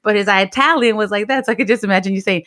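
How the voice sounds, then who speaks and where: A woman's voice: medium pitch, racing. A woman co-hosting a casual podcast, telling stories animatedly and slipping into Spanish now and then. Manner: animated storyteller, acts out quotes, mixes Spanish. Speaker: podcast co-host. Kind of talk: casual chat.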